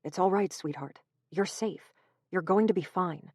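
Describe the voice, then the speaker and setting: A woman's voice: fairly low pitch, unhurried, a little mellow, breathy edge, no echo, clean studio sound. A woman reading an audiobook gives voice to a frightened, tender young man who pleads and apologises.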